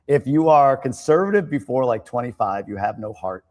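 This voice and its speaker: A middle-aged man from the United States talks straight to his livestream audience in a loose, opinionated monologue. His voice sits at a medium pitch but swings widely, climbing high when he gets worked up or starts joking. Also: normal speed. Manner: animated, opinionated, laughs and rises to near-shouting when joking. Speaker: livestream host. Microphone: streaming mic.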